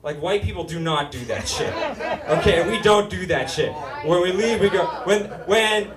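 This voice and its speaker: On a comedy club stage before a live audience, a man from Utah does stand-up with a nasal, whiny voice and a brash, profane, self-mocking delivery. His high pitch has lively intonation at a normal speed, and the distant mic catches an echoey room, the crowd and its laughter.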